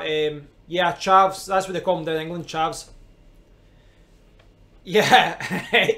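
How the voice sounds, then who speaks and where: A man's voice: a little high, a bit bright. A man with a Scottish accent chatting casually on a live stream, rambling and answering viewers' comments as he goes.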